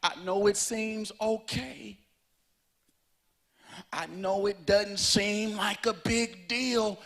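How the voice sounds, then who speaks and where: A man's voice: sits high, pushed and bright. A man preaching a sermon to a live congregation, repeating lines and breaking into a sung, whooping cadence. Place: church sanctuary before a live congregation.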